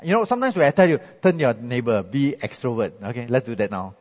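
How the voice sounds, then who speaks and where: A man from Singapore with a Singaporean English accent, preaching a sermon in a chatty, animated storytelling manner and often asking "right?" after his points. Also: mid-range voice, quick pace, big-room sound, muffled recording. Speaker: pastor. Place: church hall.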